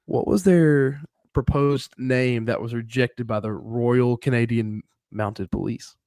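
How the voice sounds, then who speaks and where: A man's voice: mid-range voice, slow pace, darkish tone, no echo, clean studio sound. A man from Tennessee with a Southern American accent, co-hosting a casual podcast chat as an easygoing storyteller. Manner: laid-back storyteller, easygoing. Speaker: podcast co-host.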